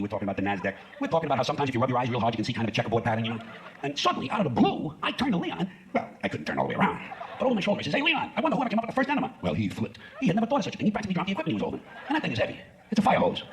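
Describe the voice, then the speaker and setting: A man's voice: medium pitch, slight background noise. A man performing a stand-up routine on stage, ranting in a profane, sarcastic way. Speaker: stand-up comedian. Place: stage in front of an audience.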